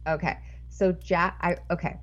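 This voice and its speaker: A woman's voice: lowish voice, steady tone, moderate pace, highs cut off. Rambling woman guest telling a story. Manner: rambling, self-interrupting storyteller. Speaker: podcast guest. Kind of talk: casual anecdote telling.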